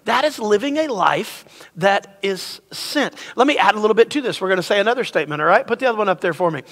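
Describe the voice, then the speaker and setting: High-voiced preacher in a reverberant hall. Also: male voice, expressive, fast talker, fairly bright tone. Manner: conversational, joking with the congregation; leads call-and-response. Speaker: pastor. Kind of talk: sermon. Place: church sanctuary.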